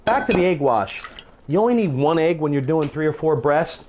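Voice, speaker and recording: A man's voice: a little high, animated, normal speed, a little mellow. A middle-aged man demonstrating a recipe in a home kitchen, talking in a chatty, folksy way with teacherly asides and restarted phrases. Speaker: cooking show chef. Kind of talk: casual cooking demonstration.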